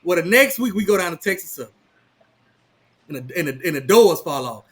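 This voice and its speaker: Fast-talking excitable man in his thirties. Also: high voice, breathy edge. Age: 30s. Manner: excitable, talks fast, repeats words. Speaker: guest, rival team insider. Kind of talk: casual sports talk.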